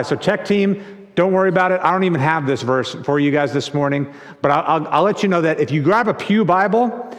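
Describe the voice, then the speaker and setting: Male pastor, sermon delivery, conversational and animated, high pitch, reverberant sanctuary. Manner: animated storytelling with acted-out quotes; conversational, repeats words. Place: church sanctuary. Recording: long church reverb.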